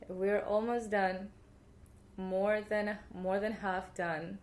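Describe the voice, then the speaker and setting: A woman's voice: mid-range voice, steady tone. A woman with a Russian accent teaching the alphabet in a playful video lesson, repeating each sound for the viewer. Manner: playful, demonstrates sounds slowly and repeats them. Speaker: language teacher.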